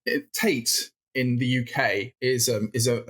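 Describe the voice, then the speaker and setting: A man from the north of England, a podcast guest telling a rambling, animated story with restarts and laughs in casual chat. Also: medium pitch, a little slow.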